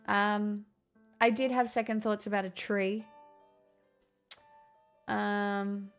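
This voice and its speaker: Slow, gravelly woman streamer in a put-on transatlantic accent. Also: mid-range voice, flat delivery, faint music behind. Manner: chatty, self-mocking, swears casually. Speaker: live streamer greeting chat. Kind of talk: casual live-stream chat.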